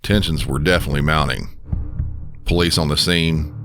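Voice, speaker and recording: A man hosting a podcast, a dispatcher narrating a case in a measured, serious way. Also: very deep voice, fairly even intonation, fairly bright tone, soft background music. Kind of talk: scripted narration.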